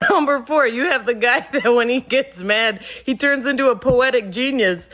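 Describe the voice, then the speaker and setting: A woman's voice: a little high, normal speed. A woman who manages a workplace, telling comic stories about her employees, often laughing mid-sentence and swearing freely. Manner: animated. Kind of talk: comedic storytelling monologue.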